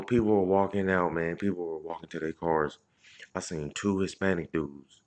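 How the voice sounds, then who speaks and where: Very deep-voiced man telling a loose story. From Indianapolis, Indiana. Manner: loose, profane street storytelling with many restarts and shout-outs. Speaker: comedian livestream host. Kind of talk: casual storytelling on a live stream.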